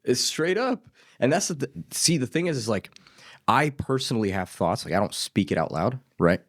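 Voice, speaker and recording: A man's voice: medium pitch, sing-song, normal speed, dry recording, clean studio sound. A man in casual podcast chat, laid-back, laughing often and trailing off mid-thought. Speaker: podcast co-host.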